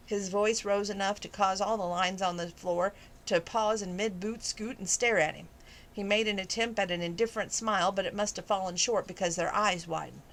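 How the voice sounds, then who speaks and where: A woman's voice: medium pitch, steady tone, moderate pace, fairly bright tone. A woman reading a romance novel aloud as a hobby, with casual asides and laughs between passages. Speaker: amateur audiobook reader.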